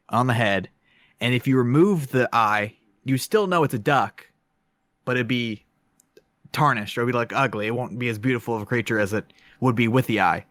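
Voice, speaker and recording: A man's voice: mid-range voice, fairly bright tone, dry recording. A man co-hosting a podcast, rambling through a film review with many fillers and self-conscious asides. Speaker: podcast co-host.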